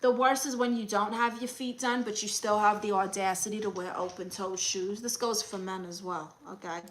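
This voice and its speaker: A woman hosting a comedy livestream as an advice-giving aunt, chatting casually with a sassy, teasing manner and reading comments out loud. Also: medium pitch, steady tone, moderate pace, poor audio. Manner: coos baby talk at her dog.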